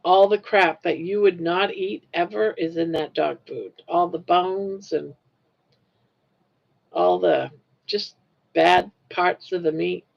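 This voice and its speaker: A woman's voice: fairly low pitch, takes it slowly, creaky. An older woman host chatting casually with livestream viewers while crocheting, rambling and laughing easily. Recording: lo-fi livestream audio.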